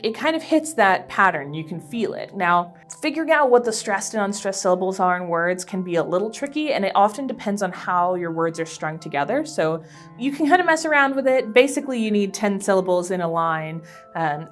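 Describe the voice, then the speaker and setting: A woman presents a teen craft tutorial at a library, explaining each step in a friendly, casual way. Her voice is fairly low, animated, and a little fast, with soft piano music in the background.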